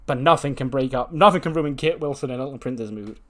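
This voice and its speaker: A man's voice: medium pitch, fairly quick, fairly bright tone. Guy rambling through his wrestling sim run, laughs a lot, swears, casual. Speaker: let's play host. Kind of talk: casual game story commentary.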